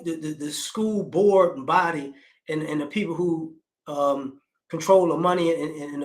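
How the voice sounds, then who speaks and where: Rambling man with a higher voice. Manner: rambling, with frequent restarts and fillers. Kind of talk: casual conversational commentary.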